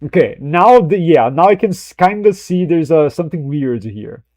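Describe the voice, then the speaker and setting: A man chatting through a reaction stream, his mellow voice rambling, swearing and chuckling at his own slips. The sound is dry and close, with no room around it. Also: on the high side, lively intonation, normal speed, dry recording. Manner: swears freely, rambling, laughs at himself. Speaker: streamer reacting to a film clip. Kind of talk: casual reaction commentary.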